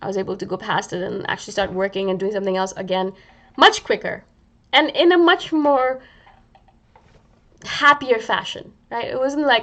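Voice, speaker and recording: A woman's voice: a little high, brisk, fairly bright tone. A woman vlogger talking casually and reflectively to her viewers, often saying "you know" and acting out her own inner voice. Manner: conversational, many "you know" fillers, acts out inner dialogue. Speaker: spiritual vlogger.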